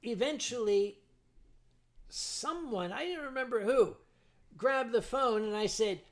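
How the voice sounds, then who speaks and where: A man hosting a livestream, telling a story to his chat in a sardonic, animated way and acting out his own shouting. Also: very high voice, slow, pauses often. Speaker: livestream host.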